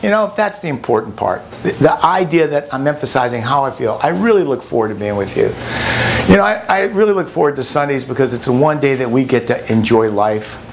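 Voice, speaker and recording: A man's voice: mid-range voice, expressive, brisk, vocal fry, background noise. A man presenting a relationship workshop to a group in a casual, storytelling way, often repeating words as he restarts a sentence. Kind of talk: conversational teaching to a group.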